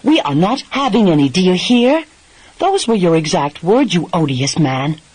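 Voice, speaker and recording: A stubborn young American wife, voiced by a man in a romance audiobook. The voice is husky and plain, defensive and hedging, and quick to argue back. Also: sits high, big pitch swings, a little mellow, pitched above the performer's own voice, rough recording.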